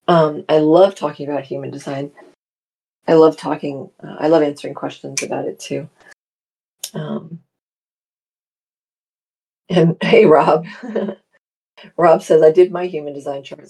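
A woman's voice: deep voice, creaky, mellow, husky. A middle-aged woman hosting a casual live chat, reading viewer comments aloud and laughing often.

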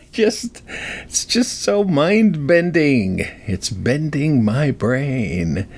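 A cackling old Wild West codger rambles along in a put-on Old West movie drawl, as a man puts him on for a vlog. His voice sits high and swoops all over, slow and folksy. He stumbles through his own words and chuckles often. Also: very animated, darkish tone, full character voice. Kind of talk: comic impression.

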